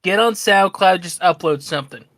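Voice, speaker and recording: A man's voice: sits high, moderate pace, fairly bright tone, no echo, clean studio sound. A man, a musician guest on a podcast, chatting in a laid-back, teasing way. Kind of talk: casual interview chat.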